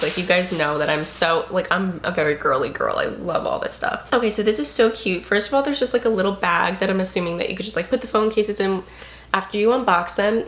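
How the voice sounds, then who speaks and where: A young adult woman vlogging an unboxing, gushing and excitable, full of "like" and "you guys". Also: medium pitch. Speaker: beauty and lifestyle vlogger. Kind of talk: casual unboxing vlog.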